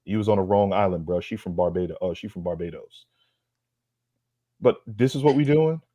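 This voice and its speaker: This co-host of a sports podcast has a deep, dark voice and speaks at a normal speed, though the audio is dull with no echo. His heated sports roast is fired-up and profane, laced with street slang and repeated phrases for emphasis.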